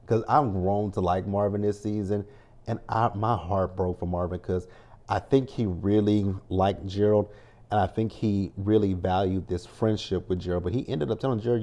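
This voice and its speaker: A man talks through a show recap in a casual, rambling vlog style. His voice sits low and mellow, and he keeps turning to the viewers to address them directly. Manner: chatty, repeats "you guys" a lot; tells personal stories with many restarts. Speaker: TV recap host.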